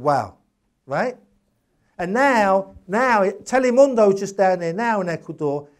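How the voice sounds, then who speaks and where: A man giving a public lecture, telling anecdotes emphatically, in bursts with restarts and asides. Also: sits high. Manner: emphatic, animated storytelling. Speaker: guest lecturer.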